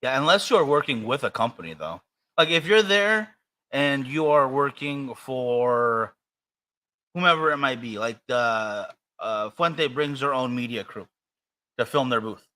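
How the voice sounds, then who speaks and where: A man's voice: mid-range voice, lively intonation, measured pace, pushed and bright. A man with an American accent co-hosting a podcast in casual chat, rambling and hesitant with many fillers and restarts. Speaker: podcast co-host.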